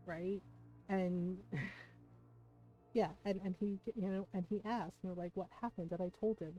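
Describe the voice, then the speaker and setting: A woman's voice: fairly low pitch, fairly even intonation, normal speed. A woman streamer, chatting casually and emotionally to her viewers, close to tears and full of fillers. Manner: emotional, many fillers and "right?" asides. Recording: dull lo-fi stream audio with soft music.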